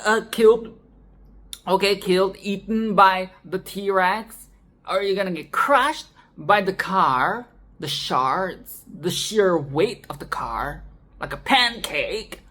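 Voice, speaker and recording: Laughing, exasperated young woman ranting. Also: fairly high pitch. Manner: laughing, exasperated, swearing, animated outbursts. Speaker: film commentary channel host. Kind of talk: casual film rant.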